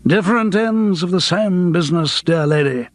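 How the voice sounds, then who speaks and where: A man's voice: high-pitched, moderate pace, no echo, pitched above the performer's own voice, close to an everyday voice. A man voicing a theatrical middle-aged stage actor with a grandiose, self-mocking manner. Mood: mock-pompous.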